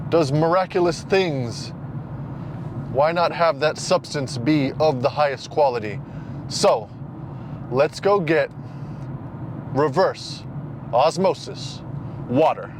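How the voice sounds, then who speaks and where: Young guy, fitness vlogger type, hyping himself up jokingly while driving, faint background hum. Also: mid-range voice. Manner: playful, self-mocking hype. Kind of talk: casual vlog talk to camera. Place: in a car.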